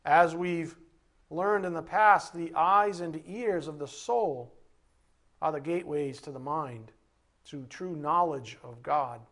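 A man giving a sermon as a Bible teacher, animated, asking rhetorical questions and acting out little scenes. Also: fairly high pitch, slow pace.

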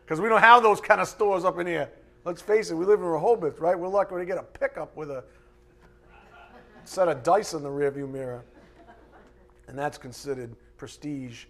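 Male pastor, sermon delivery, slightly high-pitched, animated with mimicking asides. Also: moderate pace, creaky, pauses often, a little hiss or hum. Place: church or teaching room with a board.

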